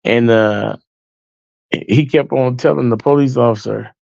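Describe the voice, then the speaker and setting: A man's voice: mid-range voice, a little slow, creaky, darkish tone, dry recording, muffled recording. A man hosting a livestream, telling stories to his viewers in a loose, chatty way and calling them y'all. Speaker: livestream host. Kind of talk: casual storytelling to viewers.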